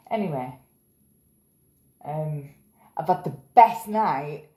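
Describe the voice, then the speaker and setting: A woman's voice: mid-range voice, lively intonation, unhurried, pauses often, a little mellow, echoey room. A tired woman rambling in a casual vlog, self-mocking and swearing casually. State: tired after a night up. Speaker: vlogger.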